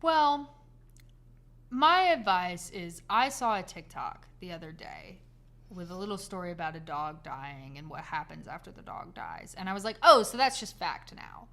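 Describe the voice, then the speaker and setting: A woman co-hosting a casual podcast, comforting a listener and telling a story with animated delivery. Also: on the low side, moderate pace. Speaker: podcast co-host. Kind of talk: casual chat.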